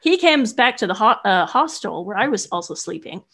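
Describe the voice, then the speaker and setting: Young woman guest; animated, filler-heavy storyteller. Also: mid-range voice, moderate pace. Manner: animated, chatty, many "like" fillers. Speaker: guest, solo traveler. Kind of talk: casual storytelling.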